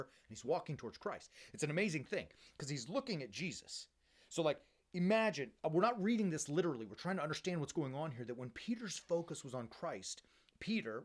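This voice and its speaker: A male priest giving a sermon in an energetic, conversational way, keeps checking in with "right?" and drops casual slang. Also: medium pitch. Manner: uses casual slang like "bro" and "baby".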